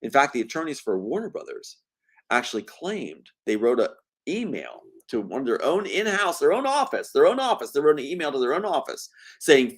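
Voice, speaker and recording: A man talking as a guest in an interview. His pitch swings widely as he tells stories with animated emphasis. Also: a little fast, breathy edge. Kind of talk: conversational interview.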